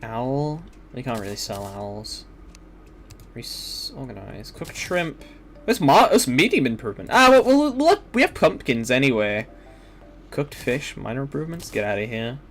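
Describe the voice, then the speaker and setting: Young male streamer, loose meandering gaming chat, casual profanity, mid-pitched voice. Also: very animated, measured pace, faint music behind. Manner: rambling, filler-heavy, swears casually.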